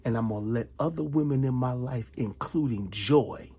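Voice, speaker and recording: Middle-aged man, very husky gravelly voice, dark tone, heated accusing monologue, loud then hushed. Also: mid-range voice, normal speed. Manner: accusatory, repeats himself, swings between loud and hushed. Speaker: retired soldier vlogger. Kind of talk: heated monologue addressed to one person.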